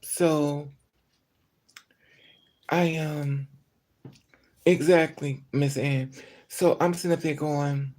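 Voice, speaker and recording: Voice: medium pitch, steady tone, drawn-out words, pauses often, darkish tone. An upset vlogger talks straight to the camera in an angry, profane monologue. The speech is full of ums and restarts, and the speaker has been crying all day. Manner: angry, profane venting with frequent fillers.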